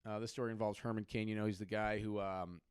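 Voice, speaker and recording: A man's voice: fairly low pitch, little pitch movement, fast talker, clear, resonant tone, no echo, clean studio sound. A man from California doing a comedic podcast monologue, rambling and sardonic, with lots of swearing. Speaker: podcast host.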